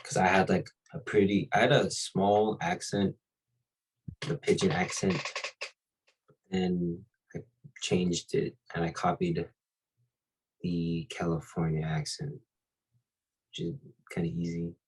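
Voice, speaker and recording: Husky, low-voiced young man. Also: fairly even intonation, slow, pauses often, rough recording. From Hawaii. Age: young adult. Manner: laid-back, laughs often while telling stories. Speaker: podcast co-host. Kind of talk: casual chat.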